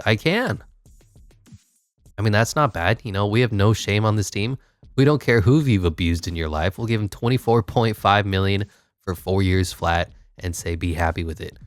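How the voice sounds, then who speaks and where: A man's voice: low voice, clean tone, no room sound. A man giving casual, wry commentary while playing a basketball management game, thinking aloud. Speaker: gaming YouTuber.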